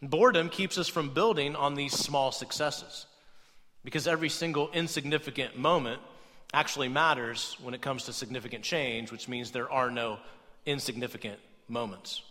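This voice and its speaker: A young adult male pastor with a medium-pitched voice preaches a conversational, animated sermon at normal speed, often checking in with "right?" to tag his points. A long reverb tail follows his voice.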